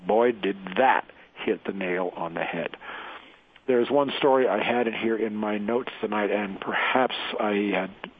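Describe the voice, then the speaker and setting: A man hosting a talk radio show, rambling and halting with frequent restarts. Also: on the low side, breathy edge, narrow, tinny audio. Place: south central Colorado.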